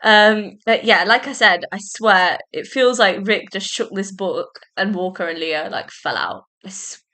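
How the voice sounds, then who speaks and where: Young woman, solo podcast host, bright voice, excitable and rambling. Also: mid-range voice, unhurried. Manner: chatty and excitable, many "like"s and tangents. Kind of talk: casual solo podcast chat.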